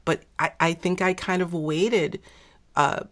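A woman hosting an interview, chatty and quick to laugh, losing her voice and clearing her throat. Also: on the low side, fairly even intonation, fairly bright tone. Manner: chatty, laughs often, many fillers. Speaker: podcast host. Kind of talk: casual interview chat.

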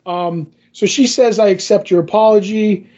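A man's voice: high voice, moderate pace, mellow, dull audio. A man co-hosting a casual podcast, animatedly retelling comic book scenes and quoting the characters. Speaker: podcast co-host.

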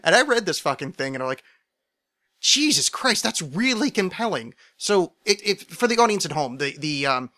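A man on a casual podcast, rambling excitedly and swearing freely as he explains a fan theory. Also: a little high, fairly quick, few pauses. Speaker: podcast co-host or guest.

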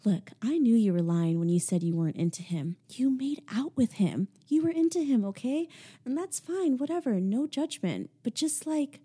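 Blunt protective girlfriend, high and breathy, voiced by a woman narrator. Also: animated, moderate pace, mellow. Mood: incredulous. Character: sharp-tongued young woman, defiant, sarcastic.

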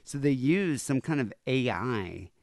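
Man, podcast co-host, casual rambling chat, crude jokes, lively pitch, dry close sound. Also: a little slow, dry recording.

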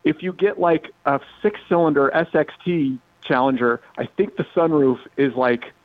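A man's voice: on the high side, moderate pace, no room sound, phone-quality sound. A man, an automotive industry analyst, enthusiastically explaining car facts as a radio guest. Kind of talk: casual radio interview.

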